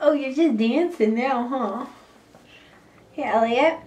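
A woman's voice: sits high, slow pace, darkish tone. Mother cooing singsong baby talk. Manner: coaxing, singsong, laughing often. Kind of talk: playful baby talk with a toddler.

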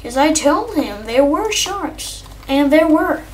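A young male gamer doing rambling, excitable let's-play commentary, chatting to his viewers and his in-game pet. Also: high voice, slow pace, a little hiss or hum. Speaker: gameplay commentator. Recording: distant mic with faint keyboard typing.

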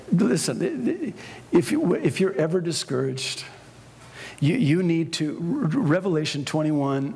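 A man preaching a sermon as pastor, slow and deliberate, at times building to impassioned shouting. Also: mid-range voice, gravelly, slightly rough, in a large hall.

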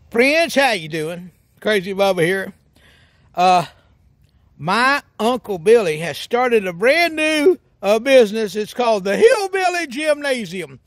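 A man's voice: sits high, very animated, unhurried, no room sound, clean studio sound. A man putting on a goofy rural hillbilly character for a comedy monologue, folksy and whooping. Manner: folksy drawl with hoots and cackles. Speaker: comedy sketch character host.

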